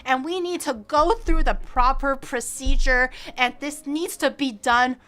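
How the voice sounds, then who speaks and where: A woman's voice: high-pitched, unhurried, sharp tone. A woman quoting a chatty elderly man who lectures about rules and procedure. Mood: lecturing. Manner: rambling, lecturing.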